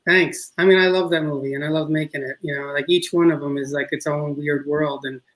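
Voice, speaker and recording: A man's voice: on the high side, fairly even intonation, a little fast, a bit bright, poor audio. Rambling middle-aged New York man. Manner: rambling, many restarts and "you know". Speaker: filmmaker guest. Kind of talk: casual interview chat.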